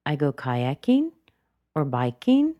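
A woman casually describing her daily routine, pausing often with ums. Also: low-pitched, very animated, no room sound, lo-fi sound. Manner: hesitant, with frequent ums. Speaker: recorded speaker in a sample clip.

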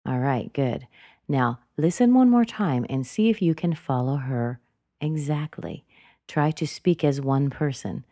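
Female pronunciation teacher, low mellow voice, dry close sound, careful demonstrations. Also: lively intonation, dry recording. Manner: clear, deliberate demonstrations of intonation. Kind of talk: spoken lesson.

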